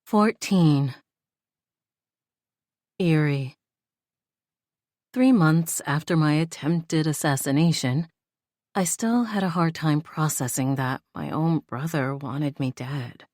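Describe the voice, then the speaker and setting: Low, slow woman narrating romance. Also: a little mellow, no room sound, clean studio sound. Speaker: audiobook narrator. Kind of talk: first-person romance narration.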